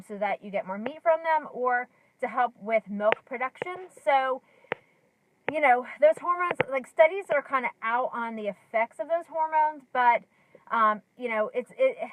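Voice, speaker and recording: A woman's voice: fairly high pitch, rough recording. A woman in her thirties talking casually to camera from her car, chatty with many ums and likes, a little out of breath. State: slightly out of breath. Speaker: lifestyle vlogger.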